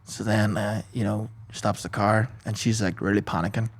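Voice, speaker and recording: A man's voice: on the low side, fairly even intonation, moderate pace. A man, a podcast host telling a rambling anecdote in casual chat, full of swearing and impressions.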